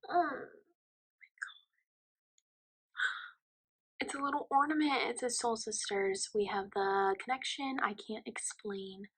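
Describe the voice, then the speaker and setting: A woman's voice: on the high side, measured pace, pauses often, slightly rough, low-quality recording. A young woman unboxing gifts in a casual talk, gushing and often dropping to a whisper. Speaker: friend opening gifts.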